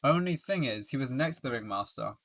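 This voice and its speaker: Brief: gloomy game clown, self-pitying, bright forceful tone, read by a man. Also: mid-range voice, animated, fairly quick. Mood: recounting. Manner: self-pitying, laughs at own jokes. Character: washed-up sad male clown witness.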